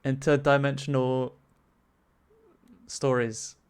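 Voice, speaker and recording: A man's voice: medium pitch, little pitch movement, takes it slowly, smooth. A man narrating a tabletop game as game master, casual, laughing often and swearing.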